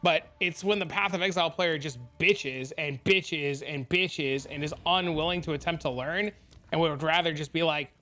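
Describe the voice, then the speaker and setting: A man's voice: on the high side, normal speed, soft background music. A man streaming live, chatting and ranting casually to his viewers while reading their comments aloud. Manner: animated, ranting, reads chat aloud.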